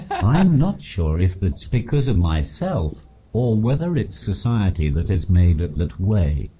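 Monotone synthetic posh English male voice. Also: low voice, measured pace, breathy edge. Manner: flat, no emphasis, dry punchlines. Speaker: comedian guest. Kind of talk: text-to-speech answers in an interview. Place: live stage at a comedy festival.

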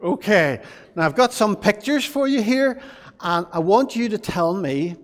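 A man's voice: sits high, lively intonation, a little slow. A man, a pastor giving a children's talk in church, playful and coaxing, asking the children many questions. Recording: long reverb of a large hall.

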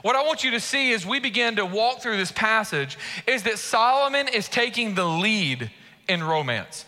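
A young adult man preaching a sermon in a church, animated and playful, acting out quotes with a lifted, giddy voice. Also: high voice, normal speed. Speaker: pastor. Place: church sanctuary. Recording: long church hall reverb.

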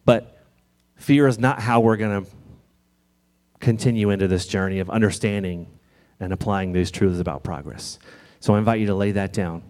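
A man preaching in church in a conversational, gently reassuring way, sometimes reading scripture aloud. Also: on the low side, normal speed. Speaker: pastor. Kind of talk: sermon.

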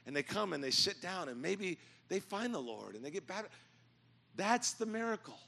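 A middle-aged man preaching a sermon in a church, telling stories and building to loud, emphatic points. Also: a little high, big pitch swings, a little fast, vocal fry. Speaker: pastor. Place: church sanctuary.

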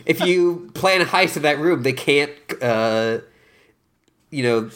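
Rambling man with a slightly high voice. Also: animated, slow, fairly bright tone. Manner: hesitant, rambling, full of fillers. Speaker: podcast co-host. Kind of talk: casual movie-riffing chat.

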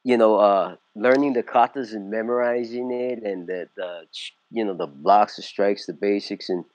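The interview guest, a martial arts instructor in his sixties from California, meanders through his story with many fillers and restarts. His fairly low, slightly mellow voice moves at normal speed on a dry, low-quality recording.

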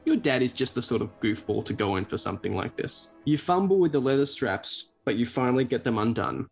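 Man, storybook read-aloud, lively, middle-pitched voice. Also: brisk, vocal fry, breathy edge, soft background music.

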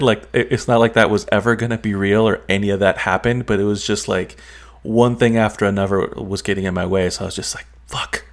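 A man casually recounting a dream in a rambling way, full of fillers. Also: lowish voice. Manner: rambling, heavy on "like" and "um".

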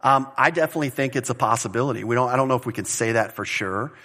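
A man's voice: medium pitch, very fast, pushed and bright. A man teaching a Bible study in an informal, conversational way, with asides and restarts.

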